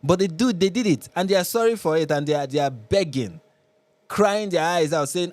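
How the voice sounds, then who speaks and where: A man's voice: a little high, expressive, brisk, dry recording. A Nigerian man hosting a live reaction show, commenting with sarcasm and exasperation.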